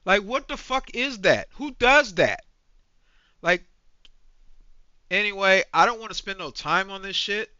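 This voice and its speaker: Man, forties, angry profane rant, slightly high voice, dull lo-fi recording. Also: lively intonation, moderate pace, long pauses, pushed and bright, clean tone, dry recording. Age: 40s. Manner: ranting, profane, repeats himself. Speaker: movie reviewer.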